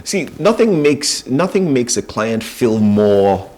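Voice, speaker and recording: A middle-aged man from Nigeria, a voice-over artist, speaking in a measured, thoughtful way with pauses in a morning TV interview. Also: medium pitch, sing-song, dark tone.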